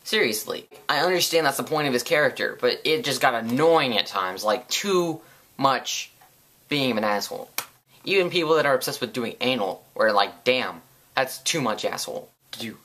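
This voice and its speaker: Sarcastic ranting guy, bright voice. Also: mid-range voice, expressive, normal speed. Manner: sarcastic, profane, rambling. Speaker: vlogger. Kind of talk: comedic rant.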